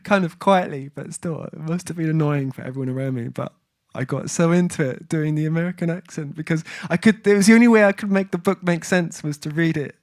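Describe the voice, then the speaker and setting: A man's voice: fairly high pitch, fairly quick, no room sound, clean studio sound. A man hosting a music livestream, chatting casually and reading viewer comments. He rambles, breaks off and restarts as he tells a story. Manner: rambling, self-interrupting storyteller.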